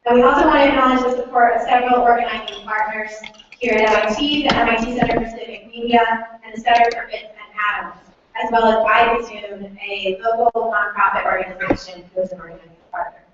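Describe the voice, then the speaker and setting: A woman organizer makes upbeat announcements to a room of participants, listing sponsors one after another. Her voice sits a little high and comes from far off in a very echoey space. The recording is dull and lo-fi, with faint noise underneath. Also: steady tone, fast. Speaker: hackathon organizer. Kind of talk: event announcements. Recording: distant roomy lo-fi recording.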